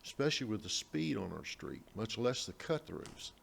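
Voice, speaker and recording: A man's voice: on the low side, very animated, moderate pace, vocal fry, fairly bright tone, husky. A man speaking as a resident during public comment at a city meeting, earnest and a little hesitant.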